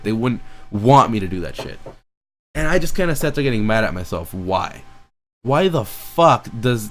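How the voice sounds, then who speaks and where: Frustrated teenage boy venting, swearing constantly. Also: medium pitch. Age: teens. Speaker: streamer. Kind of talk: venting monologue.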